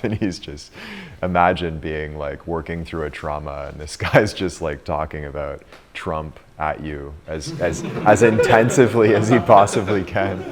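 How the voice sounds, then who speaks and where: A man's voice: extremely low pitch, a little hiss or hum. A man in his thirties leading a retreat group, telling a story in a chatty way and laughing often. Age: 30s. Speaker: retreat leader and coach.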